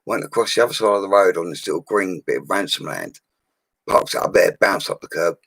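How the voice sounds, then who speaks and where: A man's voice: sits low, brisk, creaky, fairly bright tone, slightly rough, no room sound, low-quality recording. A man of forty with a London accent, telling stories about his bricklaying work in a casual, blunt way. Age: 40s. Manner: chatty and blunt, with slang and mild swearing. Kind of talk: casual storytelling livestream.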